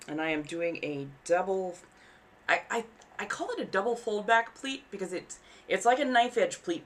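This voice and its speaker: A woman's voice: fairly low pitch, a bit bright. A woman chatting casually on a live stream while she sews, rambling and frank, swearing freely and laughing at herself. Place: home apartment.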